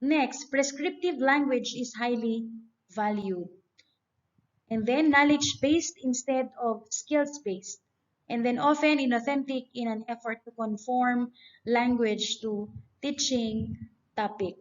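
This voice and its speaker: A woman's voice: on the high side, steady tone, takes it slowly. A woman giving a grammar lecture, explaining step by step and reading example sentences aloud. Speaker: teacher. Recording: dull lo-fi recording.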